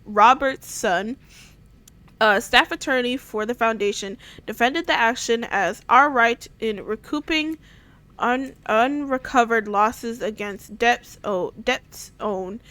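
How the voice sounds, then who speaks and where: A woman's voice: on the high side, slow, pushed and bright. A woman gaming streamer giving casual commentary, giggling, stumbling over words as she reads aloud, and swearing casually. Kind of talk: casual let's-play commentary.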